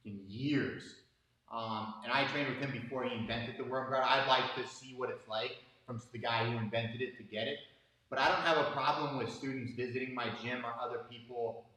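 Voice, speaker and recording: A man's voice: medium pitch, pushed and bright. Man coaching in a very echoey gym. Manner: casual coaching talk full of fillers. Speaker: jiu-jitsu instructor. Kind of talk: live instructional stream. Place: gym mat room. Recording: very echoey room, voice far from mic.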